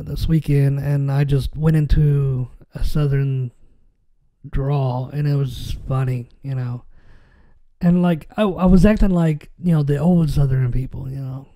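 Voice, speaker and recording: A stuffy-nosed man hosts a podcast in loose casual chat. His voice sits a bit high yet very dark and mellow in tone. He rambles, halts, and restarts through a stream of fillers. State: stuffy nose. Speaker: podcast host.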